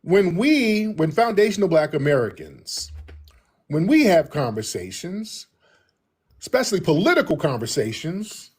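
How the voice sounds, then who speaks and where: A man delivers political reaction commentary in a husky, slightly rough voice. He speaks high for a man and swings his pitch widely, leaning hard on each point and repeating himself for effect. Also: very animated, a little slow, darkish tone.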